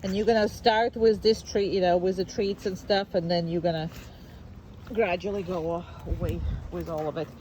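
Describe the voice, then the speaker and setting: A woman dog trainer who gushes high sing-song praise at a dog and explains the training to its owner in a relaxed, chatty way with fillers. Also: moderate pace, a little hiss or hum.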